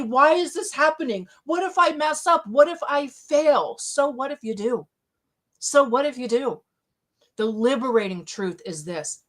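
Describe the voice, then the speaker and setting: A middle-aged woman giving a live motivational talk, emphatic and repetitive with a preaching cadence. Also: fairly high pitch. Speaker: motivational speaker.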